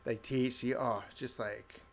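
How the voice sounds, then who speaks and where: A man hosting a casual podcast, chatting in an ordinary middle-pitched voice. He rambles through stories, full of fillers, restarts and swearing, loose and unpolished. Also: steady tone, unhurried. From Canada. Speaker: podcast host. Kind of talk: casual chat.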